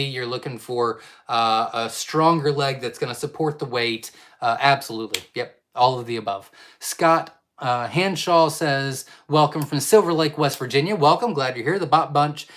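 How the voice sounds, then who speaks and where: A man's voice: mid-range voice, fairly bright tone. A man hosting a live Q&A from his quail farm, reading viewer comments aloud and answering them casually with many fillers and apologies.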